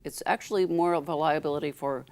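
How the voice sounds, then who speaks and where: A middle-aged woman, a linguistics professor, explaining things in a measured interview chat with a few fillers. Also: deep voice, fairly even intonation, darkish tone. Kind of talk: casual interview talk.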